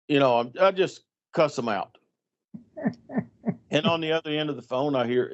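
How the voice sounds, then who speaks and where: In dull, lo-fi audio, a middle-aged man serving as guest storyteller spins a tale conversationally, bringing its people to life by doing their voices. His pitch sits on the higher side, his speed is normal, and he leaves long pauses.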